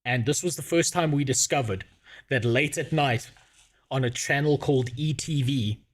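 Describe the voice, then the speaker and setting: A man's voice: mid-range voice, moderate pace. A young man telling a crude comic story at home on a stream, swearing often and laughing as he goes. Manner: profane, laughing, animated.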